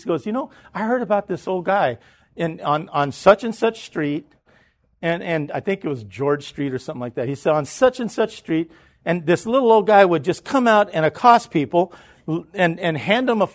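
A man preaching, telling a story in an animated way, often restarting and repeating words. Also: a little high. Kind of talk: sermon storytelling.

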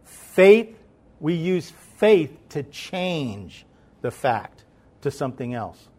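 A man preaching a sermon in a conversational tone. He often checks whether the listeners are following, then rises into loud, emphatic preaching. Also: a little high, very animated, slow.

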